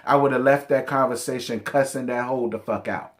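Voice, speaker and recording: A man's voice: mid-range voice, fairly even intonation, brisk. Sassy, blunt man recapping reality TV. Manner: sassy, blunt, profane, addresses cast members directly. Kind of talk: casual reality show recap commentary.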